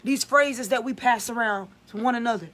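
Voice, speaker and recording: A woman's voice: a little high, normal speed, fairly bright tone. A woman giving an emphatic, repetitive spiritual vlog monologue as a channeler.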